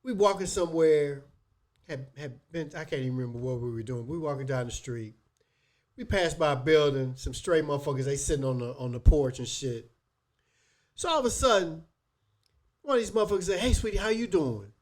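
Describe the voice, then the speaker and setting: Animated, profane male podcast storyteller. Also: on the high side, brisk. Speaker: podcast co-host. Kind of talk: casual chat, storytelling.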